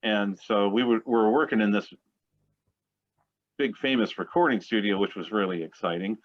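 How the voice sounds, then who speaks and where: A man of about sixty with a fairly low voice spins rambling, chatty stories as an interview guest. His voice comes through a dull, lo-fi recording. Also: normal speed. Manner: rambling, chatty anecdote-teller. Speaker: guest musician. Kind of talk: casual storytelling interview. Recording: dull lo-fi sound.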